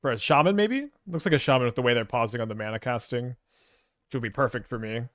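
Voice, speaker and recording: A man's voice: medium pitch, quick pace, a bit bright. A man with a Canadian accent giving casual, rambling game commentary, thinking aloud with hesitant restarts. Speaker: gameplay commentator.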